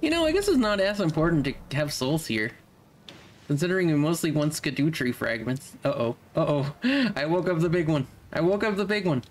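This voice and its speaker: A man's voice: a little high, very animated, fairly quick. A young man streaming a video game, casually commenting and playfully talking to the enemies on screen. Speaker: let's play streamer.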